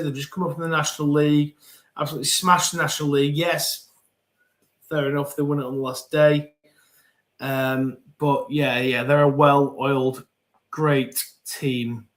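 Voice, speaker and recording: A man in his forties hosting a live football podcast, reading out viewer comments in a chatty, rambling way and often repeating words. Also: a little high. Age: 40s. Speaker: podcast host.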